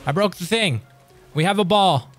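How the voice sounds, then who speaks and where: A man's voice: high voice, moderate pace, fairly bright tone, faint music behind. A young man streaming a game, swearing and talking back to the enemies as he plays. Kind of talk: live gameplay commentary.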